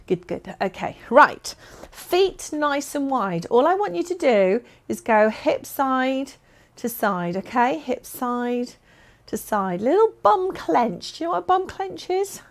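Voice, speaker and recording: A woman's voice: high-pitched, sing-song, slow. A woman leading a fitness class, giving upbeat, encouraging and playful instructions. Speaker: exercise instructor.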